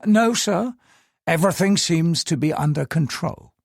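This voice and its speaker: A man's voice: a little high, animated, unhurried, creaky, no echo, studio quality, pitched above the performer's own voice, full character voice. A man voicing an older British colonial governor, clipped and upper-class, drifting into wistful brooding. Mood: formal.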